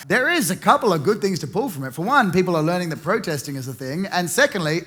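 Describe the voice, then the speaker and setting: Sardonic Australian man, bright and high. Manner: sardonic, swears freely, mocks with put-on voices. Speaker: stand-up comedian. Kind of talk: stand-up comedy set.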